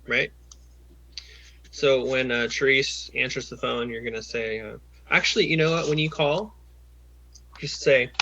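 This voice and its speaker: A man's voice: medium pitch, unhurried, creaky, pauses often, sharp tone. A man working as a job coach, talking someone through a phone call in a patient, encouraging way with lots of fillers and restarts, over a video call.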